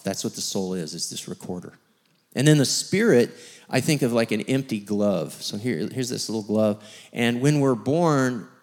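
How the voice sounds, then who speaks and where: A man preaching as a guest speaker, telling a story with lively acted-out voices, then teaching. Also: medium pitch. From rural background. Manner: animated, acts out voices in his stories. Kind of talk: sermon storytelling.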